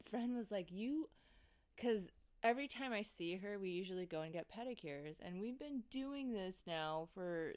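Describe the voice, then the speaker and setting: Woman, 30s, livestream host, casual chat, drawn-out easy pace, laughs and swears. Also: lowish voice, a little mellow. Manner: loose and chatty, laughs and swears often.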